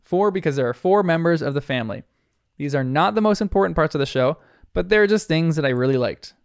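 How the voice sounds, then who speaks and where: A man's voice: on the high side, expressive, fairly quick, vocal fry, clean tone, no room sound, studio quality. A man giving an earnest, reflective episode recap commentary as a show reviewer. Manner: earnest, reflective retelling with soft laughs.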